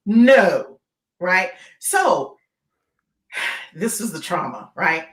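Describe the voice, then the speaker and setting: A woman's voice: fairly low pitch, extremely slow. A woman who is a guest keynote speaker, telling a dramatic story in an interview and often checking in with "right?". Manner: animated, keeps checking in with "right?". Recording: roomy echo.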